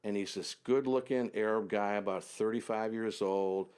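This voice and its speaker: A low-pitched man from the United States recounts a travel story as an interview guest. He builds tension with short, punchy sentences and vivid detail. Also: fairly even intonation, normal speed, a little mellow, clear, resonant tone. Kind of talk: anecdotal storytelling.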